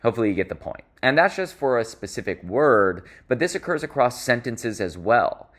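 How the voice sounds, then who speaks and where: A man's voice: mid-range voice, moderate pace. A man teaching public speaking in an instructional talk, stressing key words and shifting his pace and volume to make his points. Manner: expressive, varies pace and volume for emphasis.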